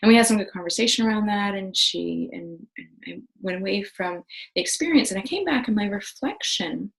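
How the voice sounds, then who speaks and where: A woman's voice: mid-range voice, lively intonation, a little fast, gravelly, a bit bright, poor audio. A middle-aged woman hosting a wellness video, talking earnestly and with enthusiasm, with many fillers and restarts. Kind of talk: casual talk to camera.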